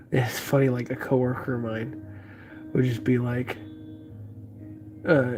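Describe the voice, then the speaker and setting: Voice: medium pitch, a little slow, dark tone. A vlogger chatting casually while sculpting, rambling and joking with lots of fillers. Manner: rambling and jokey, many fillers.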